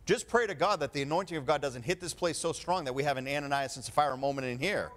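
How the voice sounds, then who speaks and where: A man preaching a sermon in a fairly high voice. He swings from hushed, confiding asides to loud, climbing declarations. He drives his points home with rhetorical questions. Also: quick pace.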